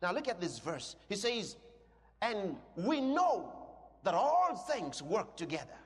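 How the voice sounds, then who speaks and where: Male preacher, high and lively voice, emphatic sermon with shouted peaks, long hall reverb. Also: slow. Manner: emphatic, swings from quiet teaching to shouted declarations; asks the congregation questions.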